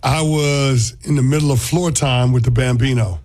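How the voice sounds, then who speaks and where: A man who is a former football player, co-hosting a sports talk show in a measured, analytical way. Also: medium pitch, steady tone, a little mellow.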